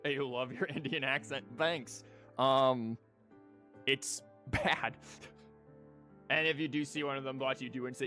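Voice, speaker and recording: A man's voice: medium pitch, steady tone, unhurried, pauses often, pushed and bright. Chatty, rambling male streamer. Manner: rambling, jokey, full of fillers and restarts. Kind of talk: casual live-stream chat while gaming. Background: game music.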